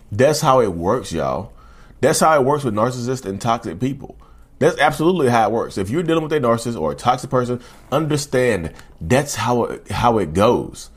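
A man's voice: medium pitch, big pitch swings, normal speed, husky. A man hosting his own channel, talking casually and rambling straight to his viewers with asides and restarts. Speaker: YouTube channel host. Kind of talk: casual monologue.

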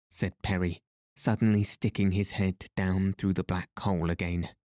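Low slow guy reading an audiobook, dry close sound. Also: little pitch movement, darkish tone, no room sound. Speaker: audiobook narrator. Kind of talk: scripted narration.

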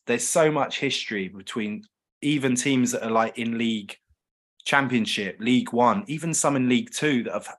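Man, enthusiastic, stumbling restarts, mid-low pitch. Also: fairly bright tone. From South London, England. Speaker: podcast guest, business owner. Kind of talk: casual chat.

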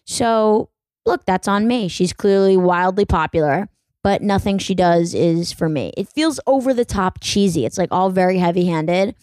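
A woman's voice: fairly low pitch, normal speed, darkish tone, no room sound. A young woman hosting a podcast, chatting casually in a rambling, self-deprecating way full of fillers. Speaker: podcast host. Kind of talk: casual solo chat.

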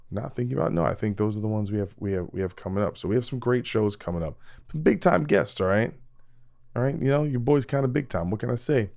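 A male podcast host with a lowish voice talks alone to his audience in a casual, wandering way. He mocks himself, restarts his sentences, and swears freely. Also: gravelly, darkish tone. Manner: rambling, self-mocking, frequent restarts and laughs; swearing, direct address to listeners. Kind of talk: casual solo podcast monologue.

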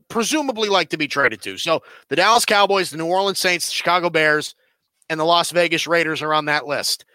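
Guy rambling about football trades, bright voice, dry sound. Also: high-pitched, no room sound. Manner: rambling, lots of fillers and restarts. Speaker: sports podcast co-host. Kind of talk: casual sports chat.

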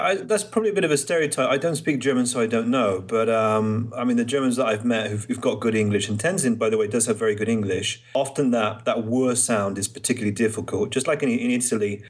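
A man's voice: lowish voice, fairly even intonation, fast, few pauses, husky. A man hosting a podcast in casual chat, explaining things with examples. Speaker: podcast host. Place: Trieste, Italy.

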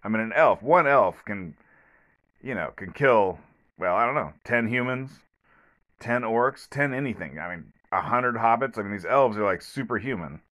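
Rambling low-voiced man podcasting alone. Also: animated, normal speed, fairly bright tone. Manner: rambling, with many fillers and restarts; blunt, sarcastic commentary. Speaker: podcast host. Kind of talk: solo podcast review. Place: at home, alone.

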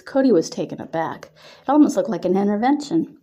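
Woman author narrating her own erotic story, mellow, steady delivery. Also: mid-range voice, brisk, muffled recording. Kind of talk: reading an erotic story aloud.

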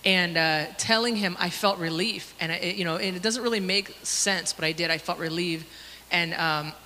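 A young woman sharing a personal testimony in a Sunday school class, halting and emotional, with many fillers. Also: lowish voice, sharp tone. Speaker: church member sharing a testimony. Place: church classroom. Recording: long hall reverb with faint noise.

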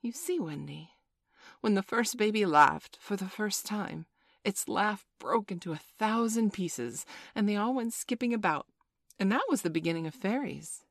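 A cocky, merry young boy, as a woman reader puts him on, bragging in a raised, bouncy storybook voice. His pitch leaps about eagerly from word to word. The sound is dry and close. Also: normal speed, dry recording. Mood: boastful. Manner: bright boyish storybook voice, lively and proud.

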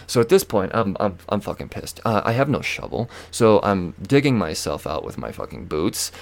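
Comic storyteller, young man, lowish voice, wildly expressive, heavy cursing. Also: normal speed, gravelly. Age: young adult. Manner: profane, animated, swearing. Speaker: podcast host. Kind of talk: comedic storytelling rant.

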